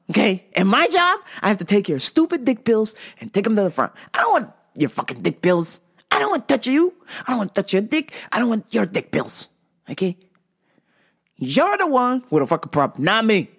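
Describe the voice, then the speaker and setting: A woman hosting a podcast, telling a comedic story in a loud, profane way and laughing often. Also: mid-range voice, sing-song, fairly quick, husky. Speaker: podcast host.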